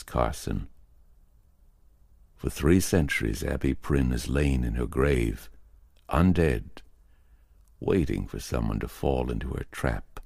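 A man's voice: extremely low pitch, gravelly, mellow, husky, no room sound, clean studio sound, exaggerated voice. A man voicing a grave male occult investigator who warns with solemn urgency in an audiobook reading. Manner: solemn, pleading and ominous.

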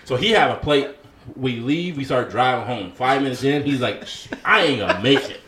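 A man's voice: medium pitch, expressive, normal speed, background noise. A man in casual chat, telling a story in a laid-back way and quoting others. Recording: echoey room.

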